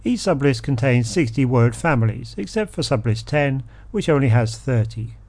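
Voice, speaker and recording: A man hosting an educational podcast, reading a scripted explanation and a word list in a measured, steady way. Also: mid-range voice, dry recording. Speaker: podcast host.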